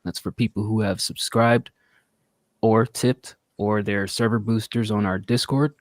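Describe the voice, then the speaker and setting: Guy hosting a stream show, lowish voice, dry close sound, rambly and jokey. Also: fairly even intonation, measured pace, no echo. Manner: playful, explains things at length. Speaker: podcast host. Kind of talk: casual live-stream chat.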